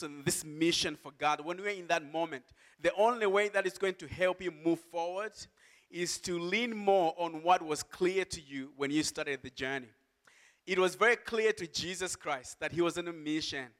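A man's voice: high-pitched, fairly bright tone. Earnest male pastor preaching a sermon. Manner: earnest, slow emphatic preaching with rising cries.

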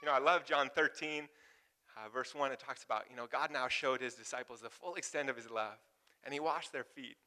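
Bright-voiced casual male preacher. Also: mid-range voice, a little fast. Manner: casual, laughs often, animated asides to the congregation. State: warm and sweating from exertion. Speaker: pastor. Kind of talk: sermon.

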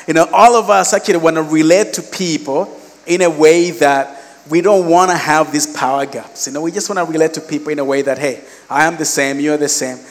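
A man's voice: fairly high pitch, brisk, in a large hall. A man, preaching a sermon in a conversational, storytelling way. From Malawi. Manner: storytelling, animated quoted voices, conversational asides. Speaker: pastor.

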